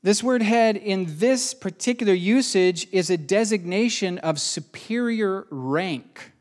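A man's voice: high voice, measured pace, a little mellow. A man preaching a sermon as the pastor of his church, conversational and emphatic, asking rhetorical questions.

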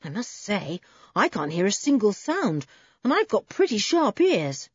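A woman voicing a sensible older boy who speaks calmly and level-headedly. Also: mid-range voice, unhurried, husky, dry recording, muffled recording.

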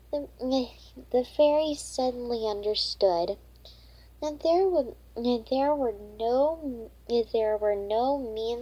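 A woman reading a children's chapter book aloud, halting and often going back to reread words. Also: on the high side, dark tone, slightly rough, poor audio. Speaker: storybook reader.

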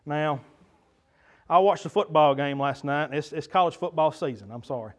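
A man's voice: fairly high pitch, normal speed. A man preaching a sermon as pastor, fervent and folksy, with frequent hesitation fillers.

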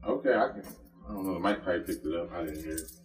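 A man's voice: low-pitched, very fast, a little hiss or hum. A man in casual podcast chat, laid-back and slangy. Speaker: podcast co-host. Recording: roomy sound.

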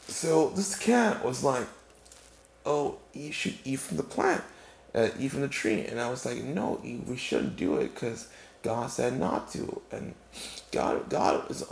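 Rambling gravelly man telling a comic story. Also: medium pitch, a little mellow, a little hiss or hum. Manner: rambling, with many asides and restarts. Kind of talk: comedic monologue. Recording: roomy, with faint background ambience.

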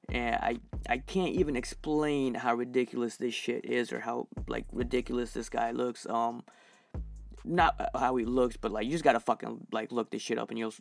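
Gravelly, profane man ranting on a podcast. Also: medium pitch. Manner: profane, heated, many fillers. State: recovering from infection, dehydrated. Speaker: podcast host reviewing fights. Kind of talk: casual solo podcast rant.

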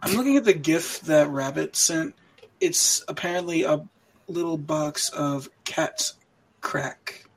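A man's voice: a little high, slow pace, gravelly, breathy edge, rough recording. A man in a casual livestream chat, teasing and giggling.

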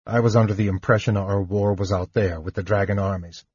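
Man playing a measured, honorable knight. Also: on the low side, fairly even intonation, a little mellow, husky, no room sound. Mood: restrained. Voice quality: measured, controlled. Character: earnest, honorable male knight, restrained. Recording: muffled lo-fi audiobook recording.

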